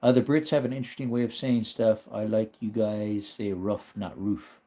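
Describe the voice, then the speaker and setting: A man's voice: fairly low pitch, brisk. An American man hosting a casual live stream, chatting loosely, reading out comments and laughing often. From United States. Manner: relaxed, chatty, reads chat aloud and laughs often.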